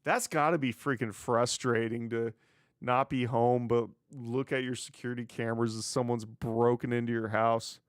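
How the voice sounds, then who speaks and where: Speaking in a medium pitch with fairly even intonation and a moderate pace, a man gives casual solo commentary as host of his own wrestling news show. He's sarcastic and swears freely, and the audio is studio quality with no echo.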